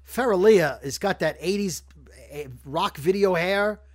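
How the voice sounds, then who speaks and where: A man from Brooklyn with a high-pitched voice, chatting loosely as a podcast host. He rambles, jokes and keeps restarting his sentences. The sound is dry and close. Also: unhurried, dry recording. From Brooklyn, New York. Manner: rambling, joking, self-correcting. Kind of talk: casual podcast chat.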